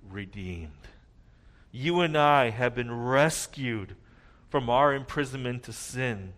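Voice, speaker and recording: A man preaching a sermon, earnest, rising to loud emphasis and dropping to a near hush at key points. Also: mid-range voice. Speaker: pastor.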